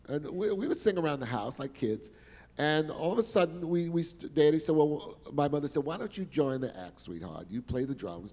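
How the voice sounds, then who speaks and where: An older man telling showbiz stories on stage, animated and exclamatory, repeating words for emphasis. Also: medium pitch, in a large hall. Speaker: guest performer telling stories. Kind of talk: animated storytelling interview. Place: stage in a large hall.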